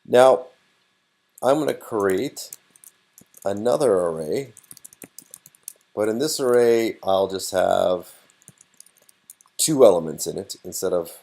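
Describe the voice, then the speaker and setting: A man's voice: on the low side, lively intonation, slow, gravelly, pauses often, a little mellow. A man teaching a programming course, explaining step by step with frequent fillers as he types. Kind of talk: screen-recorded coding tutorial.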